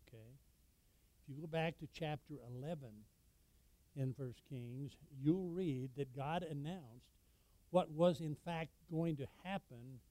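A man preaching a sermon, reading scripture and explaining it with sudden loud emphasis. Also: fairly high pitch, no room sound, low-quality recording. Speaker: pastor.

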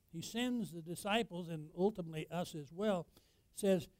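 A high-pitched man preaching a sermon in a dry, close sound with no room echo. He puts questions to the congregation and swells into loud, emphatic peaks before dropping to low, quiet lines. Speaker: pastor.

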